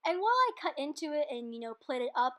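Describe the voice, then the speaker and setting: A woman's voice: high-pitched, big pitch swings, fast talker, fairly bright tone. A woman giving a chatty, self-deprecating, rambling voice-over for her own cooking video, laughing often, recorded at home on a computer microphone. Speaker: cooking vlogger.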